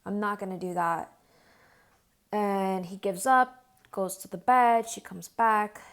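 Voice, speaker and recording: A young woman vlogger telling a personal story straight to camera, earnest and upset, full of "like" fillers, going hushed when she quotes herself. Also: medium pitch. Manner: earnest, distressed retelling with frequent "like" fillers.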